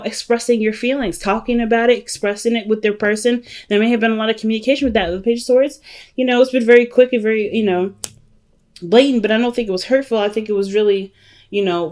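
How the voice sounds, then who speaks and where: Addressing viewers as "family" and "y'all", a woman does a laid-back tarot reading, emphatic and chatty, with frequent "you know" and "right?". Her voice sits on the high side with a darkish tone.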